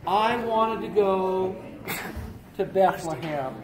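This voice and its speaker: A woman telling a story live in the first person and in character, animated and playful, voicing the other people in her tale. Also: mid-range voice, a little slow, crowd noise. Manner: animated, playful, with voiced-out dialogue. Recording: echoey room with a live audience.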